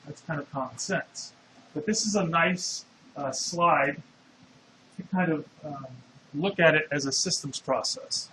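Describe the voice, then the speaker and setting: A man's voice: a little high, a little slow, sharp tone, a little hiss or hum. A man giving a classroom lecture, explaining step by step and putting questions to the class. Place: lecture hall. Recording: echoey lecture hall.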